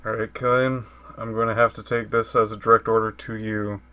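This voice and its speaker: A man playing a cautious scientist character in a tabletop game, measured. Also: lowish voice, flat delivery, sharp tone. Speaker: player.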